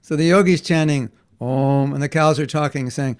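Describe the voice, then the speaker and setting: A man teaching a class for children, telling stories in an animated way and acting out the voices he quotes. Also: fairly high pitch, normal speed, clear, resonant tone.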